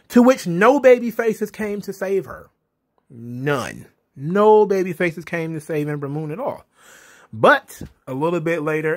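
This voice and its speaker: Exasperated man ranting a recap. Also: fairly high pitch. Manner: exasperated, ranting, repetitive emphasis. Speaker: wrestling show reviewer. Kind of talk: casual recap commentary.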